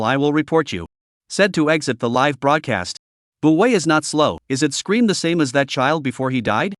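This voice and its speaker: A man narrating a manhwa recap story in a flat, stilted reading of a rough translation. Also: fairly high pitch, no room sound, clean studio sound.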